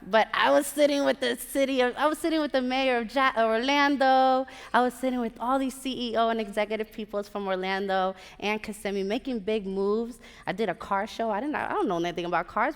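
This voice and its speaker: A woman in her thirties telling a personal story live on stage, animated and acting out the voices of the people in it. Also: on the high side. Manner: lively, animated, acts out quoted voices. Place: large theater stage. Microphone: stage microphone. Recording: long theater reverb. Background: live audience.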